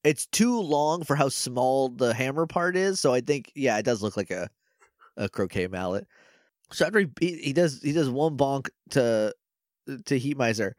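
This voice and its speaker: A man's voice: medium pitch, animated, moderate pace, no room sound, clean studio sound. A man co-hosting a podcast, casually recapping a show episode with laughs and quoted voices. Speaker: podcast co-host.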